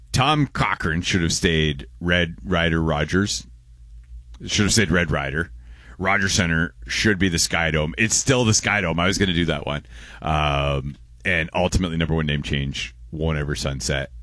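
A young man, hosting call-in talk radio, quick and loose as he reads listener texts aloud. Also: sits low, a bit bright, no room sound. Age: young adult. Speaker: radio host. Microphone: close studio microphone.

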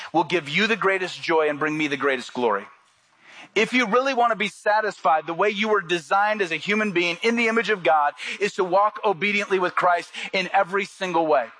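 Guy preaching a sermon, bright ringing voice, kinda high, punches up the big lines. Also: low-quality recording. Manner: preaching with rising emphatic peaks and quoted asides. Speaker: pastor.

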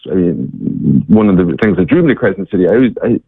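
Man, deep voice, halting speech full of fillers, tinny phone-line sound, dry. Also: expressive, creaky, breathy edge, dry recording. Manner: halting, with many fillers and repeated words. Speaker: guest, charity worker. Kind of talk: casual interview storytelling.

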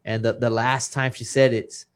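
Man, 30s, retired boxer as guest, earnest and emotional storyteller, mid pitch. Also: flat delivery, moderate pace, smooth. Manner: emotional, earnest, quotes others' words. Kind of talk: personal storytelling in casual chat.

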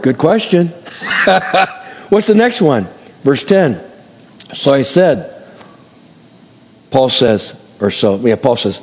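A man preaching a sermon, his voice swinging between loud and hushed. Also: mid-range voice, sing-song, takes it slowly, long pauses, big-room sound.

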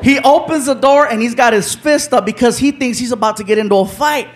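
A man telling a story as a stand-up comedian, animated and loud, acting out the people in it. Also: extremely high pitch, a little fast. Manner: animated, loud, acts out characters with shouted voices. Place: live comedy venue with laughing audience. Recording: live show with loud crowd noise.

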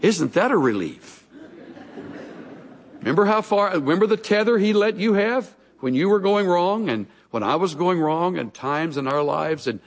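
A man's voice: high-pitched, lively intonation, normal speed. A male pastor preaching a sermon, telling stories with folksy humorous asides in a large church hall. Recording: long reverb of a large hall.

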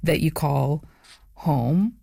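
A woman interviewing a guest, asking gentle, attentive questions. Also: sits low, slow pace, creaky, slightly rough, no echo, studio quality. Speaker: radio interviewer.

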